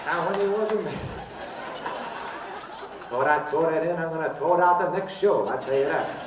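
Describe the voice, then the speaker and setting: A man impersonating a famous crooner on a casino stage, telling jokes between songs in a lazy, easygoing crooner patter. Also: on the high side. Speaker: tribute performer doing a famous crooner. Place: casino showroom stage with live audience. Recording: roomy live showroom, distant, audience and noise.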